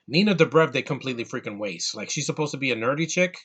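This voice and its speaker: A man's voice: medium pitch, expressive, fast talker, few pauses, a bit bright, husky, highs cut off. A man giving a casual, exasperated movie rant, often restarting and repeating words. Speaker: movie reviewer.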